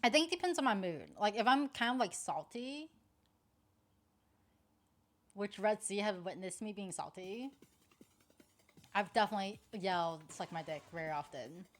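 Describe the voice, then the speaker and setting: A woman's voice: medium pitch, expressive, normal speed, long pauses. A young woman streamer chatting casually while playing online poker, rambling, swearing freely and laughing often.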